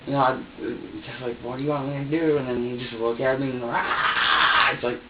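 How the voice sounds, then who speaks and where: A man's voice: medium pitch, level tone, quick pace, recorded from a distance, heavy background noise. A man under police interrogation, recounting events to detectives in a rambling way, repeating himself and acting out his own words. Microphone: far room camera. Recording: echoey, dull room recording from afar.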